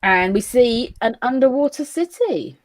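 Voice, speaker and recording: A woman's voice: fairly high pitch, animated, unhurried. A woman co-hosting a casual anime review. She recaps the plot with a giggle and many fillers. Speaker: co-host.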